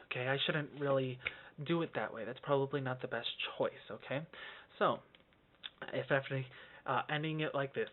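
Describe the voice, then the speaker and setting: A man's voice: medium pitch, a little fast. A man giving a casual singing lesson on phrasing, explaining in loose bursts and ending points with a questioning "okay?". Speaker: singing teacher. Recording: tinny phone-like lo-fi sound.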